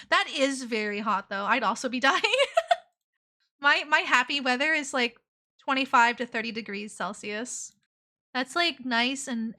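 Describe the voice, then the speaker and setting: A playful woman chats loosely with her viewers while she draws, drifting into hummed nonsense syllables. Her voice sits a little high and sounds bright and crisp. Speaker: VTuber streamer. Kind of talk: casual livestream chat while drawing.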